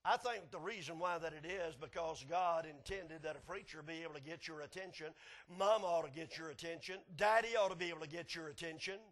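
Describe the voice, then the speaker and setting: High-voiced preacher. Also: male voice, fairly quick. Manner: folksy, chuckling, swings from soft asides to hollering. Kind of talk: sermon.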